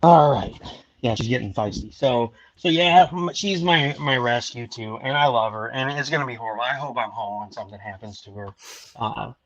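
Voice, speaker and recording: A man's voice: mid-range voice, normal speed, fairly bright tone, no echo, highs cut off. A man hosting a podcast in casual chat, a rambling storyteller with many restarts, talking from home. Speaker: podcast host.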